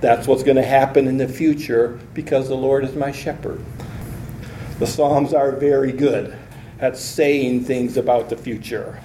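A man teaching a Bible lesson with a mellow, warm voice, explaining each point step by step. His earnest lecture rings through an echoey room. A faint hum of ambience sits underneath. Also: medium pitch. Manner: earnest, explains step by step and reads scripture aloud.

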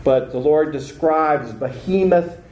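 A man's voice: a little high, slow pace, mellow. A man giving an informal Bible lecture in a conversational way, lifting his voice to act out quoted lines. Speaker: Bible teacher. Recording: echoey room.

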